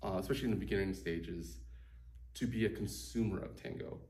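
A man's voice: deep voice, fairly quick, darkish tone. A man co-hosting a casual chat, rambling loosely with lots of fillers. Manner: rambling, loose, many "like" and "you know" fillers. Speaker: podcast co-host. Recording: roomy echo, distant from mic, faint background hum.

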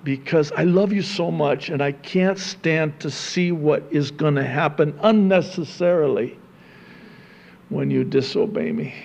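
A male pastor preaching a sermon, swinging between loud, high emphasis and low, quiet asides, with conversational chuckles to his congregation. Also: lo-fi sound.

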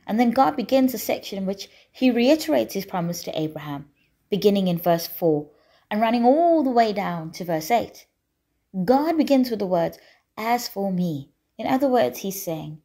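Female preacher, mid-range voice, measured emphatic sermon delivery in a church. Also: medium pitch, expressive, dark tone. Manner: deliberate, emphatic preaching with repeated phrases.

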